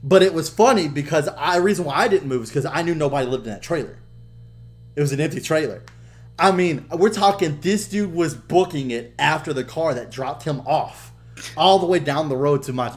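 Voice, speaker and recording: A young man co-hosting a podcast, telling stories in casual chat, swearing a lot and getting loud when he quotes people. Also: fairly high pitch, lively intonation, a little fast. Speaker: podcast co-host.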